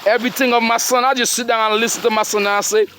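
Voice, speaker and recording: A man's voice: extremely high pitch, level tone, very fast, pushed and bright, a little hiss or hum. A middle-aged man giving a rambling, preachy monologue to his children and followers. He talks in street slang and keeps throwing questions at his listeners.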